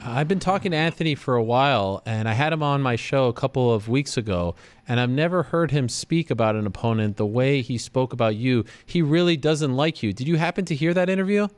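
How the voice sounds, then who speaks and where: A man's voice: medium pitch, animated, a little fast, no room sound. Polite interviewer man, dry sound. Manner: polite, direct questioning. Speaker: interviewer and show host. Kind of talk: interview questions.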